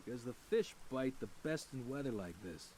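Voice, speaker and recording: An actor playing a gruff, sardonic fisherman in a game, with a put-on accent and a folksy manner. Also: mid-range voice, animated, brisk, darkish tone, a little hiss or hum, natural voice. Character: gruff middle-aged male fisherman. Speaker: game character.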